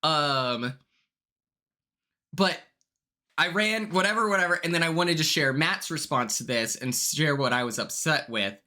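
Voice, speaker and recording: A young man hosting a livestream, chatting casually in a blunt, sassy way, swearing freely and quick to apologize. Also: fairly high pitch, expressive, bright, forceful tone. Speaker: livestream host.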